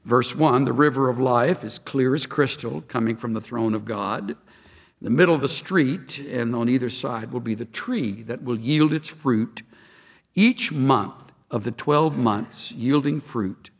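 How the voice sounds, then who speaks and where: A man delivers a sermon at a middle pitch, his words carrying a long reverb through a large hall. He preaches in a measured way, lifting his voice for emphasis and slowing down on key phrases. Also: breathy edge. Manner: measured preaching with rising emphasis and slow pauses. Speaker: pastor.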